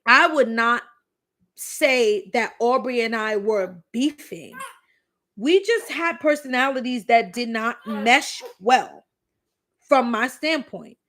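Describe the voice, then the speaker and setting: On her live question-and-answer stream, a Bronx-born host tells candid stories in a chatty way, repeating points for emphasis. She sounds a little high and a bit bright, animated yet slow-paced.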